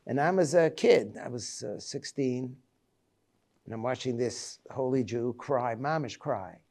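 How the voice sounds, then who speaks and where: A man in his seventies, a rabbi giving a reflective Tisha B'Av lecture, telling personal stories in a halting way. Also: mid-range voice, vocal fry, a little mellow. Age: 70s.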